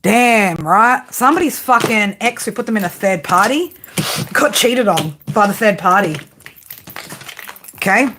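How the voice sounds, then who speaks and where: An Australian woman gives her viewers a casual tarot reading, blunt, teasing and heavily profane. She speaks at normal speed in a mid-range voice, with a noisy background behind her.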